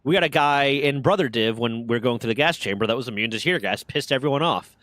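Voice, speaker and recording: A man in a casual gaming stream, recounting stories with lively energy and plenty of cursing. His voice sits in a middle register and sounds close and dry, with little room around it. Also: medium pitch, fast talker, no echo. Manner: animated storytelling, heavy swearing.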